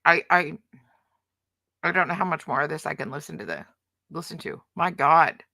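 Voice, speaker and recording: Gravelly woman, sarcastic commentary. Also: low voice, lively intonation, brisk, pushed and bright, no room sound, clean studio sound. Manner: sarcastic, exasperated asides. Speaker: commentary channel host. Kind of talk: reaction commentary.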